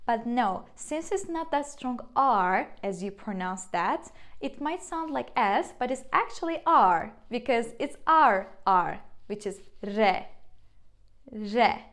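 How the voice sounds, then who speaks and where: Slow, higher-voiced Turkish-accented woman teacher. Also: expressive, a bit bright. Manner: slow, repeats each word aloud twice. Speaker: language teacher. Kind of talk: beginner language lesson.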